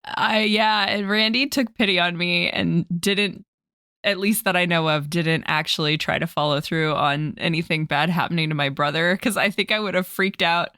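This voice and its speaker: Low-voiced woman, chatty and laughing. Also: normal speed, no echo, studio quality. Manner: chatty, laughs often, animated storytelling. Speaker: tabletop game player. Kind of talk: casual podcast chat about a game.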